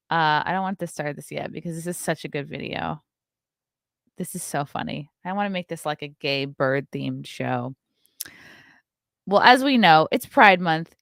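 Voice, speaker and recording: Woman host, 30s, lowish voice, dry close sound, chatty and sarcastic morning monologue. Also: a bit bright, no room sound. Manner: chatty, sarcastic, swears freely. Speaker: show host. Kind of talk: casual morning show monologue.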